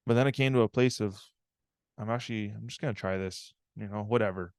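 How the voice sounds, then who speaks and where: Speaking briskly in a lowish voice, a man recounts a personal story during a live online talk, earnest and reflective, frequently adding "right?" to check in. The sound is studio quality with no echo.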